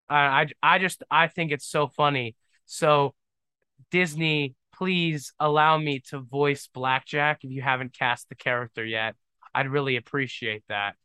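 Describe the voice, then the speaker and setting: Casting: young male solo podcaster, bright and clear, rambling and self-mocking. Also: mid-range voice, no room sound. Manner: rambling, self-deprecating and joking. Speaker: podcast host. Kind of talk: casual solo podcast monologue.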